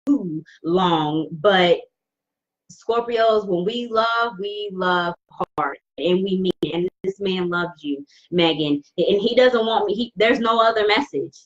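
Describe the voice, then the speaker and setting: A woman's voice: mid-range voice, slow pace. Effusive tarot reader woman, lo-fi sound. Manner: warm, effusive, repeats phrases for emphasis. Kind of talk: live-streamed intuitive tarot reading.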